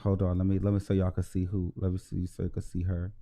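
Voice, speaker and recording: A man hosting his own channel, giving heartfelt shout-outs in slangy casual talk and repeating himself for emphasis. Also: sits low, completely flat delivery, fast. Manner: heartfelt, emotional. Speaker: YouTube show host. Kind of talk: casual vlog shout-out to viewers.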